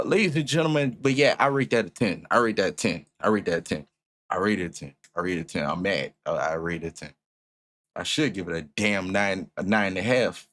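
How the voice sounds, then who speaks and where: Reacting to music on a stream, a man talks casually and swears often. He swings between loud outrage and low muttering.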